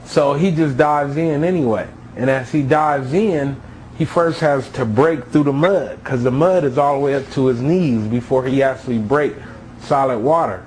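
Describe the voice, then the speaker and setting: A man's voice: mid-range voice, moderate pace, a little mellow, a little hiss or hum, low-quality recording. A man telling his own near-death story as a testimony, with emotional storytelling.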